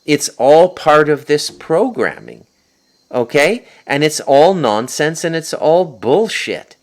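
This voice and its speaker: A host and author delivers a spoken monologue in a fairly high voice, slow, with big pitch swings. He's insistent, peppering his points with a questioning "okay?".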